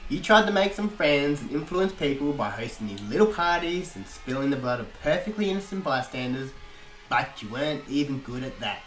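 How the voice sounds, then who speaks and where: A man's voice: medium pitch, big pitch swings, brisk, fairly bright tone. A man voicing a cocky, sarcastic male biker vampire hunter in a mocking, taunting manner. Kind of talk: audiobook character reading. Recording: echoey room, faint guitar music.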